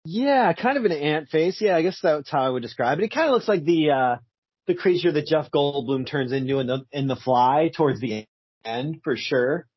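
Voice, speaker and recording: Wry man with a lively, husky voice. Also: a little high, moderate pace, dry recording, lo-fi sound. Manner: wry, joking asides with laughs. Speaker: podcast co-host. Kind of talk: casual comic book chat.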